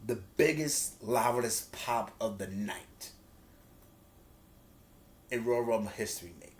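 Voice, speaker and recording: A man telling a wrestling story like he's chatting with a friend. He's animated and loose, drops into slang and acts out the wrestlers' lines as he goes. The middle of his pitch sits right where most men talk. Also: takes it slowly, slight background noise. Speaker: wrestling reviewer. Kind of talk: casual review recap.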